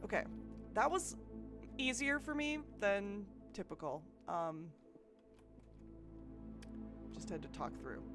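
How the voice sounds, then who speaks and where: A woman's voice: mid-range voice, very animated, slow, pauses often, over music. A woman streaming a puzzle game live, thinking aloud and chatting with her viewers, with frequent restarts. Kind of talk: live gameplay commentary.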